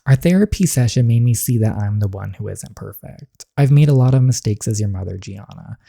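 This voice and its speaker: A streamer reading the lines of a remorseful middle-aged mother from a choice-story game, slow and lowered. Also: gravelly, warm tone, no room sound, clean studio sound. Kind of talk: reading game dialogue aloud.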